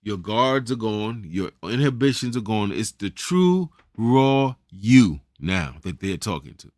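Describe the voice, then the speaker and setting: A man's voice: fairly low pitch, very animated, a little slow, darkish tone, no echo, studio quality. Man coaching with preachy conviction. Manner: preachy, calls audience "family", says "right?" often. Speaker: empowerment coach. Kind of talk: motivational talk.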